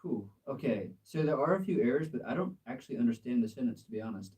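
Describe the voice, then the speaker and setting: A man's voice: medium pitch, lively intonation, quick pace, dark tone, recorded from a distance, poor audio. An American man giving a casual live English lesson, patiently correcting a learner's pronunciation with encouragement and frequent laughs. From United States. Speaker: English tutor. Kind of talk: live language exchange lesson.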